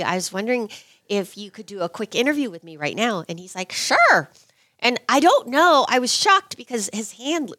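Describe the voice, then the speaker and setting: Animated woman telling a story, dry mic. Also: fairly low pitch, dry recording. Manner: animated, laughs often, acts out quotes. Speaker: guest, former TV reporter. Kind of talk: casual storytelling.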